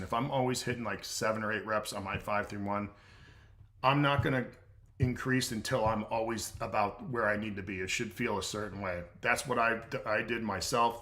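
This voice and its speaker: A man's voice: fairly low pitch, fairly bright tone. A middle-aged man from the United States, a strength coach answering viewer questions on a casual livestream in a blunt, repetitive way, with many filler sounds. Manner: blunt, repeats himself, lots of "uh" fillers.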